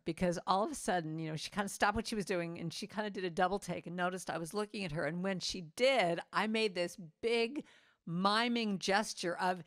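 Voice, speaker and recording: A woman's voice: dry recording, studio quality. A middle-aged woman giving a storytelling talk to a congregation, chatty with lots of "you know," acting out quoted moments. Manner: warm, conversational, many "you know" fillers; acts out quoted moments with pitch jumps. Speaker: speaker at a spiritual center.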